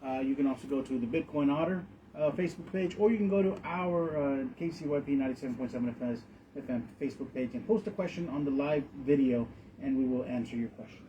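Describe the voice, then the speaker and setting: A man's voice: medium pitch, warm tone, muffled recording, slight background noise. Distant man announcing station details. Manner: reads phone number slowly, a few fillers. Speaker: radio station producer. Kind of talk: on-air announcement.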